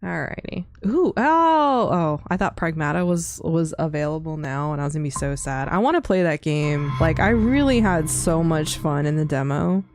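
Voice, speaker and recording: Low, gravelly-voiced woman chatting casually. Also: moderate pace, hardly any pauses, a little mellow, dry recording. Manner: rambling, many fillers and laughs. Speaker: streamer chatting with live chat. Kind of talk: casual chat.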